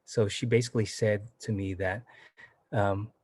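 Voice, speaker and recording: A man's voice: fairly low pitch, fairly even intonation, moderate pace, darkish tone, husky, dry recording, clean studio sound. A middle-aged man from southern Vietnam, an actor guest, chatting casually in an interview with many fillers and restarts.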